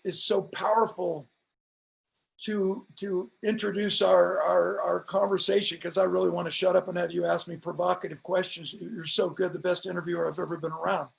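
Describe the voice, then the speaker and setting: Middle-aged guy, super gravelly voice, motivational speaker vibe, preachy cadence, leans on the big lines. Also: high voice. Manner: emphatic, preacher-like cadence with slowed punch lines. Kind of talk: storytelling on a live stream interview.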